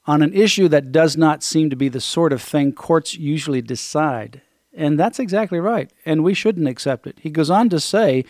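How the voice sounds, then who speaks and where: A man's voice: fairly high pitch, a little mellow, no room sound, studio quality. A man hosting a talk radio show, earnestly reading out quotes and commenting on them. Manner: earnest, reads quotes aloud. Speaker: radio host.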